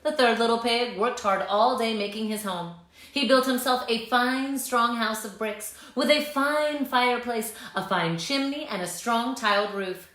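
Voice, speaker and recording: Bright animated lady doing storytime read aloud, gets kids to join in, echoey room. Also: on the high side, measured pace. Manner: lively, coaxes listeners to join in. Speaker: children's read-aloud host. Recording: roomy echo.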